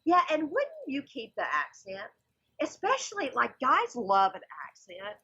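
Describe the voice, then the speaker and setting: A woman's voice: sits high, wildly swooping pitch, a little slow, bright, forceful tone, breathy edge, highs cut off. A woman in her forties with a Southern US accent, chatting animatedly on a comedy podcast. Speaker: comedian guest. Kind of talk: casual podcast chat.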